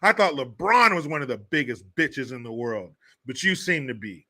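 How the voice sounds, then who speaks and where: A man's voice: mid-range voice, animated, moderate pace, bright, forceful tone. A man hosting a livestream, ranting in profane, mocking commentary. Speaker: livestream host.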